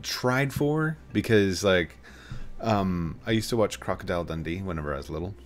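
A man's voice: deep voice, lively intonation, moderate pace. A young man hosting a gaming video in playful, giggly casual chat. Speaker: gaming channel host.

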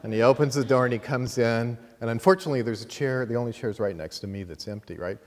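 A man's voice: mid-range voice, quick pace. Man telling a story in a reverberant hall. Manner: lively anecdotal storyteller, laughing at his own tale. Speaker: course teacher. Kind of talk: storytelling in a lecture. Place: college teaching room. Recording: long hall reverb, faint noise.

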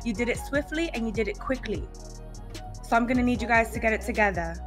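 A woman's voice: on the high side, fast talker, lightly acted. A woman playing an impatient, demanding lawyer with a British accent in a game roleplay stream, music playing behind. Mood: indignant. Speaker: roleplay player.

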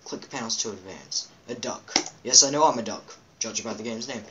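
A man's voice: lowish voice, normal speed, lo-fi sound, very noisy. A man hosting a let's play, reading game captions aloud with goofy asides and playful quack and meow noises. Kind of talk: casual game commentary.

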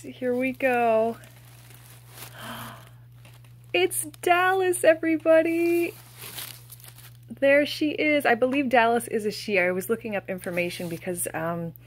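A young woman gushing softly as she unboxes plush toys, with breathy exclamations and a casual, fond way of talking. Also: mid-range voice.

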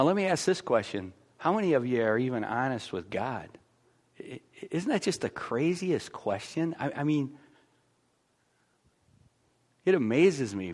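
A man's voice: medium pitch, a little mellow. A man pastor with an American accent, preaching a conversational sermon in a church with frequent stammered restarts.

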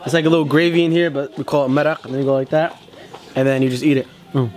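A young man vlogging casually at a family party, joking and talking excitedly to the camera. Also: a little high, racing. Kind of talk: casual vlog chat. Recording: busy room with crowd noise. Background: crowd chatter.

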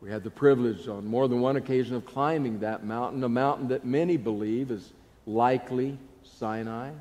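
A male pastor giving a sermon, telling the story dramatically with hushed pauses. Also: medium pitch, fairly even intonation. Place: church sanctuary. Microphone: live broadcast mic. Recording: long church reverb.

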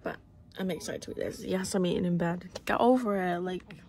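Exasperated young woman rambling, gravelly. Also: lowish voice, a little fast, a little mellow, slight background noise. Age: young adult. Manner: rambling and exasperated, often dropping to a whisper. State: out of breath; tired. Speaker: vlogger. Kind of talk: casual vlog rant.

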